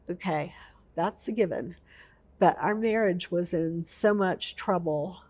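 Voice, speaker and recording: Interview subject: woman veteran, low gravelly voice, emotional storytelling. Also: a little mellow. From United States. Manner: emotional, vivid storytelling with repetition. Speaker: veteran telling her story.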